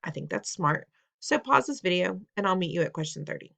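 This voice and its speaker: Woman teacher, lower register, patient and instructive, recorded lesson. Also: expressive, a little fast, gravelly, fairly bright tone. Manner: patient, instructive, playful teasing; repeats instructions, asks the listener questions. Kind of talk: recorded test-prep lesson.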